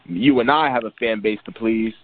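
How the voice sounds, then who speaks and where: Low-voiced man rambling about sports. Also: moderate pace, slight background noise. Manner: rambling, many restarts. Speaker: podcast co-host. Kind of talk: casual sports chat. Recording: tinny phone-like sound.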